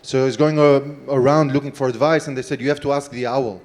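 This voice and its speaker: A man, a city mayor on a panel, telling an anecdote in a relaxed way with many fillers. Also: mid-range voice, a little fast.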